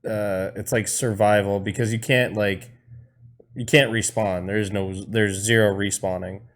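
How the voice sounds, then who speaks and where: A man's voice: fairly low pitch, steady tone, unhurried. A man co-hosting a podcast, talking in a laid-back, slightly hesitant casual way. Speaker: podcast co-host. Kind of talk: casual chat.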